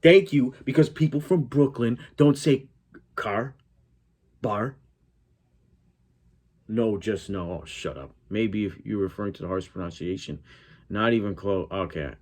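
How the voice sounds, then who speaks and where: This reaction YouTuber is a Connecticut man with a fairly low, somewhat mellow voice, speaking animatedly at a moderate clip. He answers the video he's watching out loud, profane and straight to the point.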